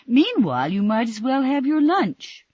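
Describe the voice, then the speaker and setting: A woman's voice: high-pitched, very animated, moderate pace, breathy edge, dry recording, muffled recording, pitched above the performer's own voice, exaggerated voice. A woman voicing a cheerful, bustling hospital nurse. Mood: brisk. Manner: bright, bustling.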